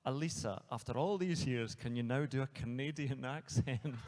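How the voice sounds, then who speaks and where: A man in a mid-pitched voice hosts a live stage Q&A, reading out audience questions. His jokes are dry and teasing, and a long hall reverb follows every line. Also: moderate pace, noisy background. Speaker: host of a live Q&A.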